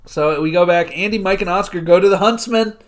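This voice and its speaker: A man's voice: high-pitched, brisk. Casual, profane man recapping a show. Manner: rambling, profane, laughs often. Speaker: podcast co-host. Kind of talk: casual episode recap chat.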